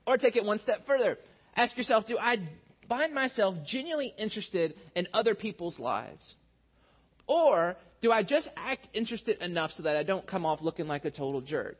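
A man's voice: sits high, lively intonation, normal speed. A man in his thirties preaching a sermon in a conversational, self-deprecating storytelling manner. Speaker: pastor. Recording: muffled lo-fi sound.

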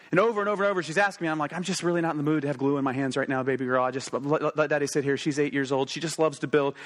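A man in his thirties preaching a sermon as a story, moving between quick conversational asides and slow, emphatic pauses. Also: on the high side.

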